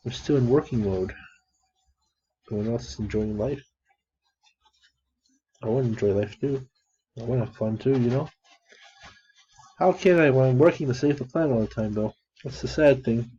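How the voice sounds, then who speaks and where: Flat, downcast man, dull lo-fi recording. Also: mid-range voice, a little hiss or hum. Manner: flat, downcast, monotone delivery; halting, many restarts and fillers. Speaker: vlogger. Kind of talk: rambling casual monologue.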